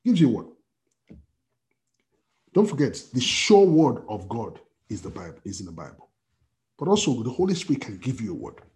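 A man's voice: mid-range voice, sing-song, normal speed, pauses often, a little mellow. A man preaching as pastor, emphatic and repetitive, with many restarts and fillers. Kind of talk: sermon.

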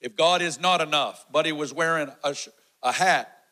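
A man in his forties preaching a sermon testimony, telling his story with animated energy and acting out the shouts and quotes. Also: fairly high pitch, normal speed, rough recording.

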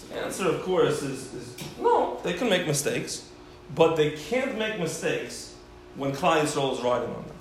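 A man teaching a Torah class, telling stories in an animated way and acting out the voices he quotes. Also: high voice, measured pace. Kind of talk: Torah lecture with storytelling. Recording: very echoey room, faint background hiss.

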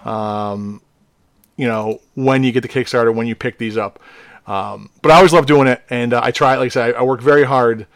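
A male podcast co-host who also writes modules chats casually in a loose, rambling way, restarting often and using lots of fillers. His medium-pitched voice is clear, resonant, and a bit bright, with fairly even intonation and a slightly fast pace, recorded dry and close to the mic.

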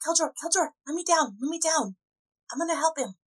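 A woman voicing an eager, excitable female halfling cleric. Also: sits high, brisk, pitched above the performer's own voice. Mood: insistent. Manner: excited, urgent.

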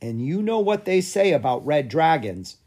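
A reader voicing a curious, excited young girl in a children's storybook reading. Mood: serious. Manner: high and bright, quick questions.

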